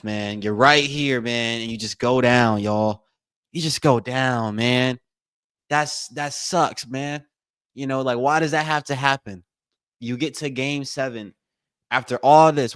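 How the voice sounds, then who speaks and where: A man's voice: medium pitch, a bit bright, smooth, no echo, studio quality. Casual man calling a game live. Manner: casual, repetitive, addresses viewers as y'all. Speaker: watch party host.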